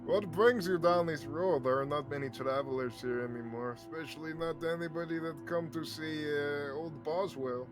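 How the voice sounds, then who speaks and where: A man voicing Boswell, an old male hermit with a put-on old-world accent, slow and reminiscing. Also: fairly high pitch, over music, voice pushed up, lightly acted. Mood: rambling.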